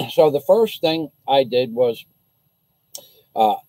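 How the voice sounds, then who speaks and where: American man, indignant rambling livestream story, mellow voice, dry sound. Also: medium pitch, big pitch swings, slow, dry recording, rough recording. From United States. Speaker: vlogger. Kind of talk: casual livestream rant.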